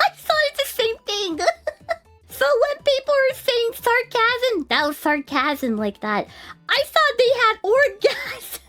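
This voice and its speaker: Very high, giggly woman streamer. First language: not English. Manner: giggly, laughs often while telling stories; halting English with frequent fillers. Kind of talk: casual stream chat.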